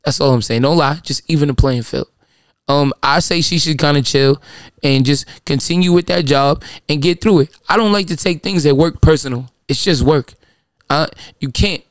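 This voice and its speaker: A man's voice: fairly high pitch, moderate pace, no echo. A man, hosting a casual advice show, blunt and profane, telling stories and answering questions. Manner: blunt, profane, storytelling with quoted voices. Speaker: podcast host.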